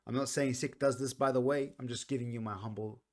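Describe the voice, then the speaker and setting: A man talking casually through a song's meaning, earnest and reflective, often pausing and restarting his sentences. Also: medium pitch, fairly even intonation. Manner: earnest, reflective, soft-spoken. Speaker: music reaction vlogger. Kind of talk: casual song commentary.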